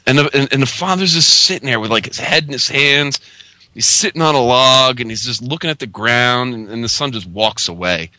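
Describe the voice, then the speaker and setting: A man's voice: mid-range voice, a little fast, bright, forceful tone, no room sound. A man telling a story in casual chat as podcast co-host, laid-back and joking.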